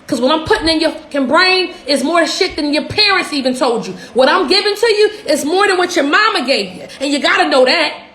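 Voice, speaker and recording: In an echoey room, a young Philadelphia woman who coaches on social media business rants hard on a livestream. Her high, slightly bright voice carries a stream of profanity and rhetorical questions.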